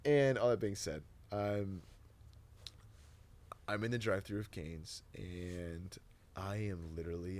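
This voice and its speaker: A young man, a podcast guest, telling a personal testimony in casual, animated, emotional conversation full of "like" and "dude". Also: sits low, unhurried, long pauses, slight background noise.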